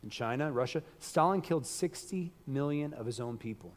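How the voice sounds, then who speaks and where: In a church hall with a long reverberant tail, a man preaches emphatically in a mid-range male voice, breaking into loud bursts. He's expressive and a little fast, and his voice grows hoarse as he loses it.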